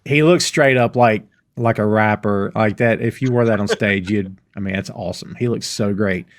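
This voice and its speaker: A man's voice: fairly low pitch, moderate pace, dry recording, clean studio sound. Enthusiastic man recapping a show. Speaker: podcast co-host. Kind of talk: casual review chat.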